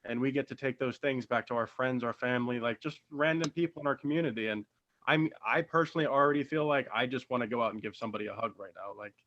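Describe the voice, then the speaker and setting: A man's voice: medium pitch, quick pace, a bit bright. A man hosting an interview, enthusiastic and effusive, with plenty of ums and uhs. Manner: enthusiastic and effusive, many fillers. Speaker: interview host. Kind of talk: casual interview talk. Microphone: video call. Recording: dull lo-fi video call audio.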